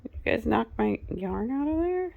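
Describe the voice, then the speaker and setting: A woman's voice: a little high, big pitch swings, measured pace, gravelly, no room sound, phone-quality sound. A middle-aged woman chatting casually and rambling through a home vlog. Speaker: vlogger. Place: home, indoors. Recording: noisy home recording.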